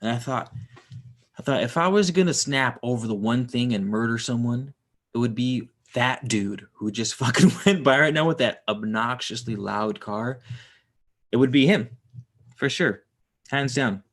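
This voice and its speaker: A man's voice: medium pitch, moderate pace, fairly bright tone. A young man reading a book aloud on a live stream, drifting into rambling, swearing asides and chatting with viewers.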